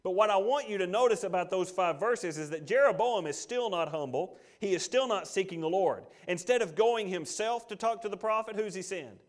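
High-voiced male pastor preaching. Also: animated, fairly quick, hardly any pauses. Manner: dramatic, acts out the story's quotes. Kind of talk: sermon.

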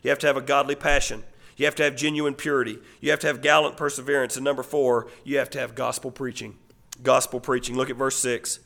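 A man preaching a sermon, reading scripture aloud and swinging from loud, emphatic declarations to hushed asides. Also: medium pitch, flat delivery, fast, creaky. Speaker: pastor.

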